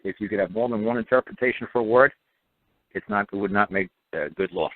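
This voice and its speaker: A man hosting a radio talk show, blunt and animated, mocking others in put-on quotes. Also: mid-range voice, fast, creaky. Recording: tinny phone-like dry audio.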